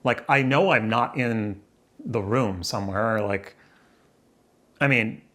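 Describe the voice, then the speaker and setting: A man's voice: fairly low pitch, takes it slowly, a bit bright. A man vlogging indoors to a camera, rambling and questioning himself as he thinks aloud. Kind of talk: musing casual monologue. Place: indoors by a window. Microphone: camera facing him.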